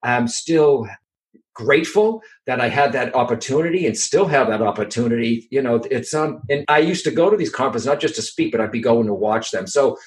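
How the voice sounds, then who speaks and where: A middle-aged man with a Boston accent, a medium and author chatting casually in an interview, animated and full of restarts. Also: mid-range voice, fairly quick, low-quality recording.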